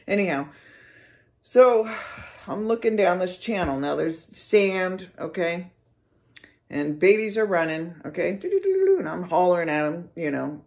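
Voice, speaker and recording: Animated storyteller with mouth sound effects. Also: medium pitch, vocal fry. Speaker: vlogger. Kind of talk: casual storytelling.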